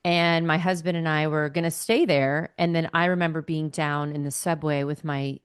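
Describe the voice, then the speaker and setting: A woman in her late forties from Northern California, a podcast guest and actress, telling stories in a chatty, animated way over a computer call. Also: low voice, moderate pace, smooth, no room sound, clean studio sound. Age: late 40s. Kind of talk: casual conversation.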